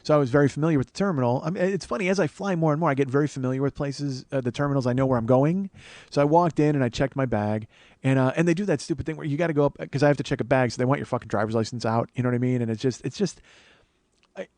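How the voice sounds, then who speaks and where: A man's voice: mid-range voice, rapid-fire, darkish tone, no room sound. A man hosting a comedy podcast, telling a rambling, profane story with sarcastic asides. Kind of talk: casual storytelling monologue.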